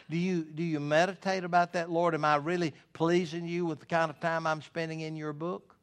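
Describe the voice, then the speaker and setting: A man preaching, his voice sitting a touch higher than most men's. He speaks earnestly and builds to fervent, pleading prayer. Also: little pitch movement, brisk, few pauses, smooth. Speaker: pastor. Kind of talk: sermon.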